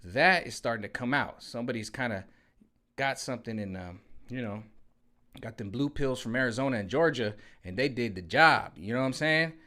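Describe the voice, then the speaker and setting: A man talks straight to his own mic in a hot room at home, sweating but pressing on. His rant is loose and slangy, and he keeps circling back to the same catchphrases. His pitch sits in the middle range. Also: lively intonation, moderate pace, bright, forceful tone. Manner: rambling, slangy, repeats "you know what I'm saying". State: sweating in the heat. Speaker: vlogger. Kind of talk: casual political rant.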